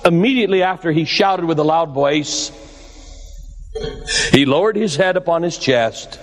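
An older man preaches in a church, his voice sitting fairly high. He has a preacher's cadence, drawing words out slowly for weight and rising at his exclamations. The sound carries a long reverb from the hall around him. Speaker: pastor. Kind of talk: sermon.

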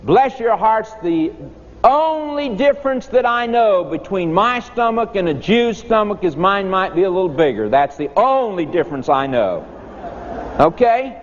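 A man's voice: sits high, a little hiss or hum. A middle-aged man preaching a sermon in a folksy, storytelling manner. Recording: dull echoey hall recording.

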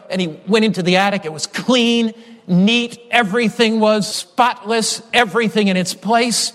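A man's voice: sits high, normal speed, a bit bright. A man preaching a sermon in an earnest, emphatic way, building his points through repetition. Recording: long hall reverb.

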